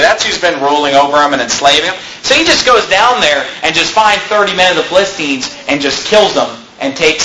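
A man's voice: a little high, sharp tone. A man preaching a sermon, retelling a story in a casual, joking way. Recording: echoey room, faint noise.

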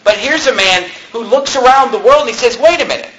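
A man preaching a sermon, reading scripture in a slow, solemn tone and then retelling it in everyday words. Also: extremely high pitch, lively intonation, fairly bright tone, a little hiss or hum, poor audio.

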